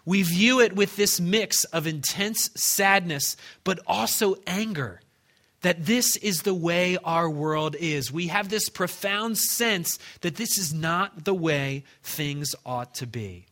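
Guy pastor preaching, bright voice a bit high, earnest, restarts a lot, goes soft on the big lines. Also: takes it slowly. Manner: earnest storytelling with frequent restarts, dropping soft on key lines. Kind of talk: sermon.

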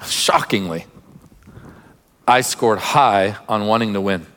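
A man's voice: lowish voice, slow, fairly bright tone, big-room sound. A man preaching a sermon as pastor, emphatic, breaking into laughing asides and urging listeners to pay attention.

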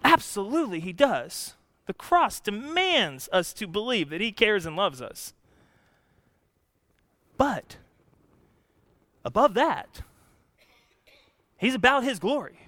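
High-voiced animated preacher. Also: male voice, slow pace, pauses often, dry recording. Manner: animated, swings from hushed to shouting, laughs often. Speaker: pastor. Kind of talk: sermon.

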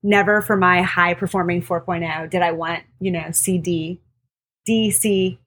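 A woman's voice: on the low side, steady tone, a little slow, a bit bright. A woman midwife and podcast co-host candidly telling a personal story in casual conversation. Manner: candid, storytelling with quoted voices.

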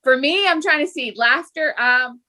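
A woman in her forties, a mother and podcast co-host, telling a story in casual chat with excitement. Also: sits high, moderate pace.

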